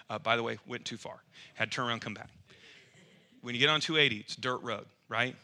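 A man preaching through a lively, self-mocking personal story. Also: mid-range voice, a little fast. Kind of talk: storytelling sermon.

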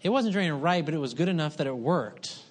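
Male preacher, middle-aged, folksy storyteller, pokes fun at himself, a bit high-pitched. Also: lively intonation, quick pace. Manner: folksy storytelling, self-mocking humor. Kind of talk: sermon.

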